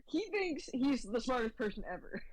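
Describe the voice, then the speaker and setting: High-voiced woman on a podcast, kinda hesitant, loses her train of thought, dry mic. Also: sing-song, normal speed, no room sound, poor audio. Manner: hesitant, trails off, casual swearing. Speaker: podcast guest. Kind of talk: casual chat.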